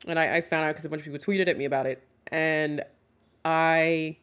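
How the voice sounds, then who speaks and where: Young woman, streamer, deep voice, casual livestream chat, frequent swearing, easy laughter, lots of ums. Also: fairly even intonation, brisk, a bit bright, clean tone. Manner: chatty and candid, swears freely, laughs often, many "um"s.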